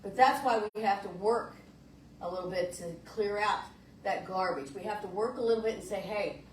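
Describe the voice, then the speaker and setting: A woman's voice: medium pitch, a little fast, slight background noise. A woman minister giving a conversational sermon in a folksy, searching way, often restarting her phrases. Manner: folksy, searching, repeats words when restarting. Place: church sanctuary. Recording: roomy church sound from a distant mic.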